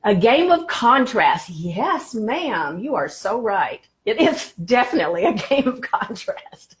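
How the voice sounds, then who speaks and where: A woman's voice: a little high, very animated, unhurried. Woman coaching a live stream audience. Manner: gentle, encouraging, greets viewers by name. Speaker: law of attraction coach.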